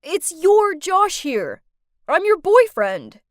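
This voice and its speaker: A woman voicing a creepy young male boyfriend who sounds falsely gentle, speaking softly and coaxingly in an animated story. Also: very high-pitched, slow pace, dry recording, clean studio sound, pitched above the performer's own voice, exaggerated voice. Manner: soft, coaxing, sugary.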